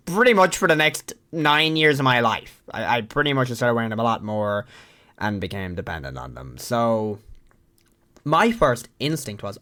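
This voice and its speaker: A man's voice: medium pitch, big pitch swings, moderate pace, pushed and bright. A young Irish man telling a story to camera in a rambling, profane, self-mocking way. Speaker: vlogger.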